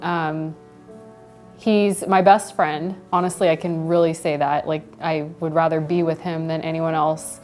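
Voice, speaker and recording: A woman's voice: low voice, little pitch movement, measured pace, a little mellow, faint music behind. A woman chatting casually about her engagement, laughing lightly between phrases with many ums and likes. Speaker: bride telling how she was proposed to. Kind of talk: casual personal storytelling to camera.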